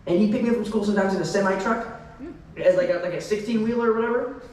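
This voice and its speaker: A young man on a convention panel, telling rambling, excitable stories full of tangents and laughter. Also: high voice, rapid-fire, distant mic. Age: young adult. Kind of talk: rambling anecdotal Q&A. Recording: echoey hall, mic heard from afar.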